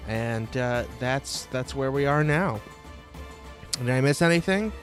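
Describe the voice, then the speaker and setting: A man's voice: mid-range voice, lively intonation, a little slow, soft background music. A man running a tabletop role-playing game as game master, talking casually with frequent filler sounds and some swearing.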